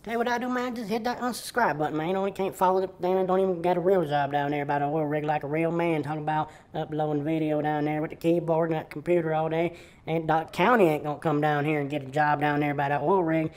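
A man's voice: a little high, fairly even intonation, fast talker, natural voice. A man voicing an indignant, rambling good-old-boy from Texas, who keeps saying "man" and "down there" in a comedic character sketch.

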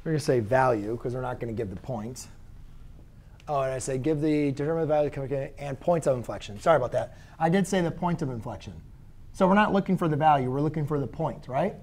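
A man's voice: medium pitch, fairly quick, darkish tone. Man teaching a math class. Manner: conversational, asks students questions, self-correcting. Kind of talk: classroom lecture.

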